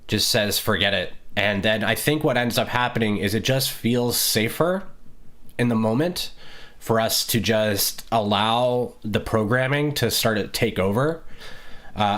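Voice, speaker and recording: In a relaxed podcast chat, a male co-host speaks at a fairly low pitch with a somewhat bright quality. He muses aloud in a rambling manner, often restarting and using filler words.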